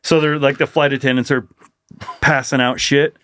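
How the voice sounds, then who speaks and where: A man co-hosting a comedy podcast in casual chat, telling rambling stories with halting restarts. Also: medium pitch, little pitch movement, a bit bright, dry recording, clean studio sound. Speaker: podcast co-host.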